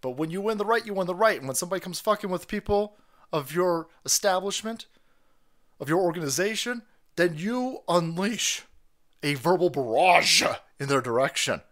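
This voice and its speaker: A man hosting a show, ranting about politics in a loud, profane, animated way, breaking into laughter between points. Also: high voice, normal speed. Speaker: podcast host.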